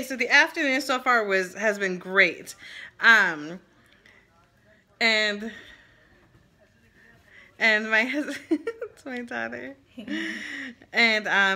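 A woman in her thirties, her voice fairly high, bright and forceful, vlogs to a handheld camera held at arm's length, often from her car. Chatty and venting, she starts out tired and then turns upbeat.

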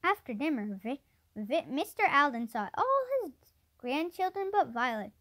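A woman with a high, lively voice reads a children's chapter book aloud. Her pitch rises and falls a lot, and she trips over a word now and then before going on. The pace stays plain and unhurried. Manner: plain read-aloud with small stumbles and restarts. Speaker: storybook reader.

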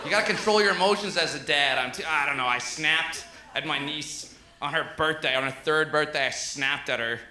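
A man in his thirties doing an animated stand-up set in a comedy club, often jumping into high-pitched voices for characters. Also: a little fast. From Canada. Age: 30s. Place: comedy club stage before a live audience. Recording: roomy live club sound with loud crowd laughter.

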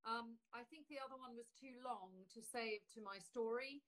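A woman hosting a live stream interview, chatty, with halting restarts in her questions. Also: a little high, fairly bright tone, rough recording. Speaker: host. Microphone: live video call.

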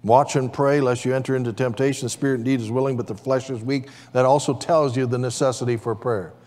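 A man's voice: mid-range voice, fairly even intonation, fast talker, a little mellow. Preaching pastor, man, in a reverberant hall. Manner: preaching with call-and-response amens. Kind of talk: sermon. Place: church sanctuary. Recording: long church hall reverb.

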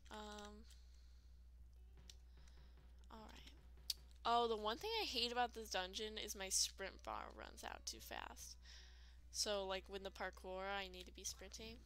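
A woman's voice: mid-range voice, a little slow, pauses often, fairly bright tone. A woman giving casual, rambling let's-play commentary, full of fillers and self-deprecating asides. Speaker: gaming video creator.

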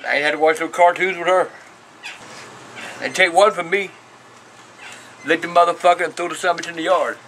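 A middle-aged father answering viewer questions in a blunt, foul-mouthed way, with bursts of shouted cursing. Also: fairly high pitch, fairly even intonation, a little fast, long pauses, slight background noise. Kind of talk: profane casual Q&A.

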